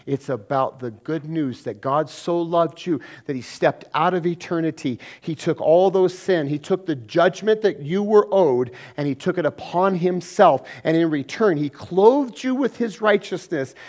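A man preaching a sermon in a conversational way, swinging between loud emphasis and quiet asides and acting out everyday quarrels in quick mock voices. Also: fairly high pitch. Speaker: pastor.

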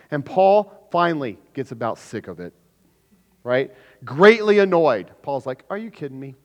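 A man preaching a sermon to his church, swinging between loud emphatic lines and low quiet ones. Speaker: pastor. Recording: long hall reverb.

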